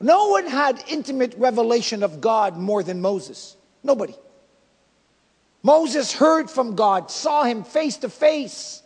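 Male pastor, very high voice, dynamic emphatic preaching, long church reverb. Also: very animated, slow pace, slightly rough. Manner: emphatic preaching with sudden loud and soft swings. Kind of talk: sermon. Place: church sanctuary.

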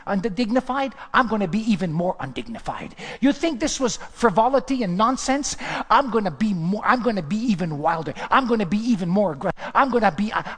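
A man voicing a defiant, exultant king who shouts back at his scornful wife. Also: a little high. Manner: defiant, loud, rising to a shout.

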